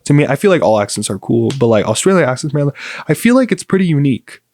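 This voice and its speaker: A man's voice: medium pitch, sing-song, quick pace, a little mellow, no echo. Chatty young man, dry close sound. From United States. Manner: rambling, filler-heavy, upbeat and chatty. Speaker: podcast host. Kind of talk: casual solo podcast chat.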